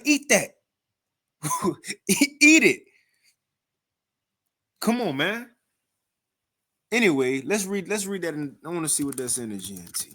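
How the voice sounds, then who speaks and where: A man giving informal scripture commentary with readings, animated and mocking, often repeating and restarting words. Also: fairly high pitch. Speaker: scripture teacher reacting to another video.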